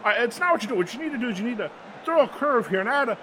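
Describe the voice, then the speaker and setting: A man putting on a gruff football commentator voice, coaching a painter in an improvised scene. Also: very high voice, lively intonation, very fast, sharp tone, slight background noise, voice pushed up, heavily acted.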